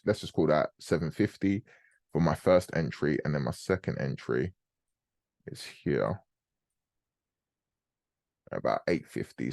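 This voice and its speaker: A young man hosting a live trading call, explaining chart setups in a fast, casual, slangy way. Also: extremely low pitch, creaky, a little mellow, dry recording, studio quality. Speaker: forex trading host.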